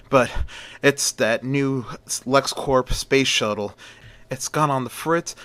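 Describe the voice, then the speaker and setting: A man's voice: mid-range voice, a bit bright, no echo, lightly acted. Jittery young photographer, apologetic, flustered, voiced by a man. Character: nervous young male newspaper photographer.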